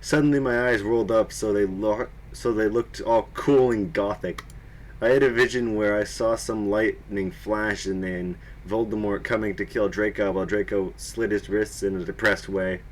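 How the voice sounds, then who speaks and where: A man's voice: fairly low pitch, steady tone, moderate pace, a little hiss or hum. A young man doing a comedic reading of a story, breaking off to mock the writing. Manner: mocking, breaks to laugh and comment. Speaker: reader and commentator. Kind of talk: comedic dramatic reading with commentary.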